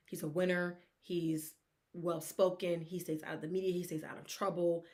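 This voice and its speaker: A woman hosts a casual sports talk show on her own. She talks in an animated, rambling way and drifts off on tangents. She acts out the reactions of fans as she goes. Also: on the low side, normal speed. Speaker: sports podcast host.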